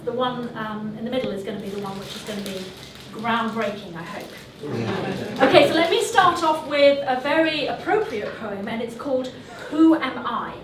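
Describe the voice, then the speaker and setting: A woman's voice: on the high side, moderate pace. A woman poet chatting earnestly to the audience before she recites her poems on stage. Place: live venue. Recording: echoey room from far off, noisy.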